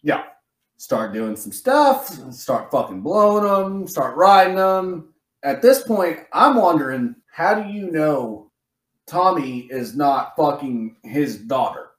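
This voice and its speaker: A man on a podcast tells a story with a lot of animation and swears freely. His voice sits a little high for a man. The room adds a clear echo. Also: slow pace. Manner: animated storyteller, acts out quotes in a raised voice. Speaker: podcast co-host. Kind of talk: casual, profane chat.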